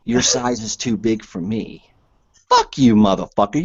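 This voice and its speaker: A man in a heated podcast argument, cursing and taunting with shouted threats. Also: on the low side, sing-song, normal speed, creaky, husky, no room sound. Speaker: podcast guest. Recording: dull lo-fi sound.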